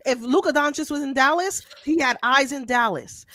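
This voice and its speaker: A woman's voice: high voice, fairly bright tone, dry recording. A woman co-hosting a sports talk show, arguing her point in an emphatic, insistent way. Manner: emphatic, insistent, explains slowly. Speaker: podcast co-host. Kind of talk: heated casual sports debate.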